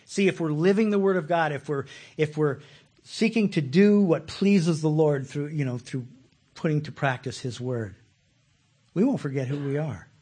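Guy preaching, chatty and animated, kinda raspy voice, laughs a lot and restarts his sentences. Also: fairly high pitch, moderate pace. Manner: conversational, animated, laughs often; repeats words when starting sentences. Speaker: pastor. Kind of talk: sermon.

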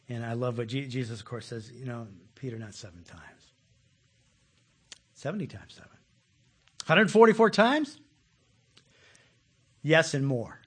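A man preaching a sermon, animated, repeating words, with sudden loud bursts. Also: a little high, husky. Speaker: pastor.

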